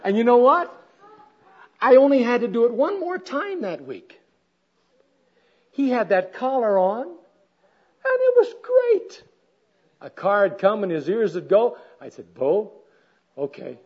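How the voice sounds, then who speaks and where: A man telling a homespun story as part of a sermon, chatty and plain, breaking into loud animated exclamations. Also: extremely high pitch, a little slow, long pauses, slightly rough. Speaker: speaker at a women's gathering. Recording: dull lo-fi recording.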